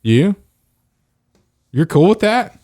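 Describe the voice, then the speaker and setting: A man, co-hosting a podcast in casual chat and telling animated stories. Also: high-pitched, takes it slowly, no room sound, clean studio sound. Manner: animated storyteller, laughs a lot. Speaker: podcast co-host.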